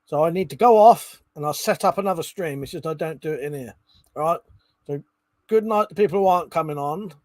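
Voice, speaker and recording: Drunk streamer, rambly and sweary, slightly high voice, dry room. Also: male voice, brisk, a little mellow, no echo. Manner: rambling, swears a lot, laughs often. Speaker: live stream host. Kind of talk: casual live stream chat. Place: indoors at home.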